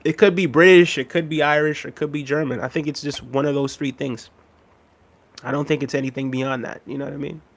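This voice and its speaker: A man's voice: fairly high pitch, steady tone, fairly quick, vocal fry. A young man casually chatting with his livestream viewers, rambling and laughing often as he reads their comments. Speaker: livestream host.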